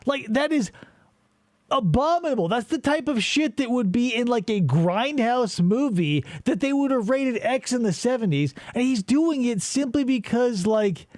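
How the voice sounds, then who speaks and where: A young man with a high, bouncy voice that swings all over the place. He talks in loose, rambling bursts and swears freely while co-hosting a casual chat. His voice sounds dry and close to the mic. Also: normal speed, no echo. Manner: animated, rambling, profane. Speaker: podcast co-host. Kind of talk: casual chat reacting to interrogation footage.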